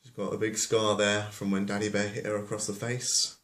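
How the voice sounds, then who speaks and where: A man's voice: fairly low pitch, flat delivery, moderate pace, a bit bright. A man telling a fairy tale as a comedy, rambling with offhand asides. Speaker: storyteller. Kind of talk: comic storytelling. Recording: roomy echo.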